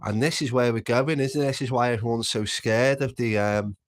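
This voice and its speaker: A man's voice: medium pitch, steady tone, a little fast. Rambling man on a live stream. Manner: rambling, swears, repeats words. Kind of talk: casual live stream chat.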